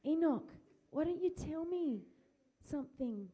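A woman pastor, speaking gently and encouragingly, often repeating her phrases, during a church service and children's talk. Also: sits high, expressive, a little slow, phone-quality sound. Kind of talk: worship prayer and children's talk. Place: church hall. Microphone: handheld microphone.

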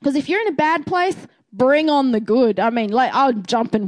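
A woman's voice: sits high, expressive, unhurried. A woman who works as a midwife, giving a chatty faith testimony and encouragement, acting out her own reactions as she talks. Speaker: midwife sharing a faith message.

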